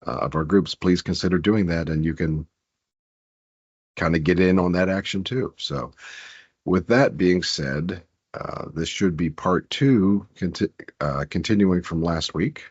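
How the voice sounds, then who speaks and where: A man co-hosting a podcast, sounding nasal and under the weather, with a halting, filler-heavy delivery. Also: deep voice, husky, dry recording, muffled recording. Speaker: podcast co-host. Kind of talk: casual podcast chat.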